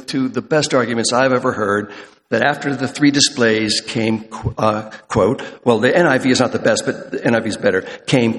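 A man preaching a sermon, reading scripture slowly and deliberately and explaining it to his congregation. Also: medium pitch, big-room sound. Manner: deliberate, slows for quoted scripture. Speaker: pastor.

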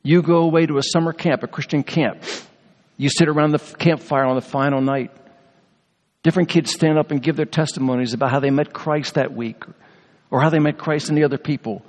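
A man preaching a sermon in earnest, storytelling fashion, slowing and softening on key words. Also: fairly high pitch, fairly even intonation. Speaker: pastor. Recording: long reverb of a large hall.

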